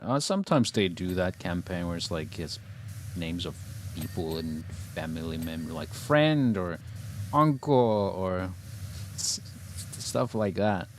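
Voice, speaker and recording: A man streaming a game and chatting casually, laid-back and rambling, swearing and laughing often. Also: lowish voice. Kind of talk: casual chat while gaming.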